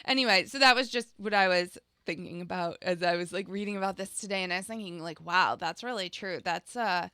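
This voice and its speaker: A woman co-hosting a podcast, chatting casually about politics, often laughing and filling pauses with "like" and "um". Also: fairly low pitch, pushed and bright, clean tone, dry recording, clean studio sound. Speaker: podcast co-host.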